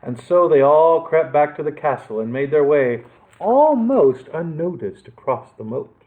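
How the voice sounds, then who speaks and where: A man's voice: a little high, animated, measured pace. A male librarian reading a children's adventure story aloud for storytime, with dramatic expression. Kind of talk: storytime read-aloud narration. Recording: tinny phone-like sound.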